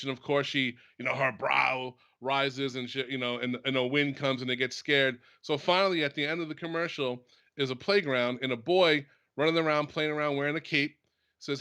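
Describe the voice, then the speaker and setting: Man, somewhat high voice, relaxed storyteller, church talk co-host. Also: moderate pace, smooth. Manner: relaxed storyteller, recounts scenes with quoted voices. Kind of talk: casual faith discussion.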